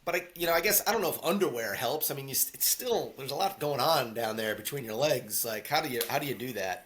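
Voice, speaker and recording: Speaking quickly and expressively at medium pitch, this man has a bit of brightness in his voice, and there's a little hiss or hum. He co-hosts a podcast, rambling and joking about a film while doing quotes in silly voices.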